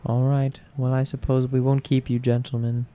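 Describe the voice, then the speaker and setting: A man's voice: mid-range voice, completely flat delivery, moderate pace, warm tone. A man playing in a tabletop game, speaking hesitantly and politely. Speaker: player.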